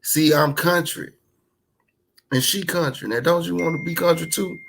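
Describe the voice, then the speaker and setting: A man's voice: on the high side, fairly even intonation, normal speed, vocal fry, fairly bright tone, rough recording. A man from Memphis with a Southern US accent, performing spoken word poetry in a rhythmic, emphatic rhyming delivery. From Memphis, Tennessee.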